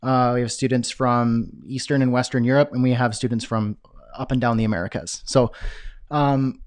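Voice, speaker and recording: An energetic man coaching freelancers on business in a live stream, repeating key phrases and answering viewer comments as he goes. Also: medium pitch, moderate pace, clear, resonant tone. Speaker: web design business coach.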